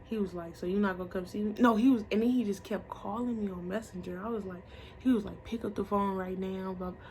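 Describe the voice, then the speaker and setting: A woman's voice: mid-range voice, steady tone, quick pace, darkish tone, a little hiss or hum. A young woman telling a story in a casual vlog, blunt and profane, acting out the voices of the people she quotes.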